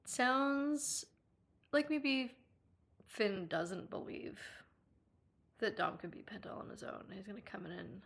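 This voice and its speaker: Hosting a live stream, a young Irish woman reads viewers' comments and chats with them casually, swearing freely, giggling often and squealing when excited. Her voice is medium in pitch and gravelly, and she talks slowly with long pauses.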